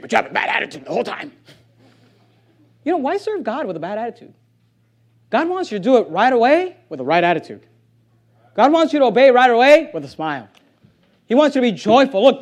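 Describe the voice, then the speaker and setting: A middle-aged pastor preaching a sermon in church, emphatic with sudden loud bursts. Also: male voice, high-pitched.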